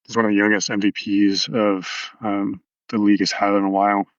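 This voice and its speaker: A man's voice: on the low side, flat delivery, brisk, no room sound, dull audio. A man coaching athletes, explaining movement casually in a podcast interview with anatomical detail and frequent fillers.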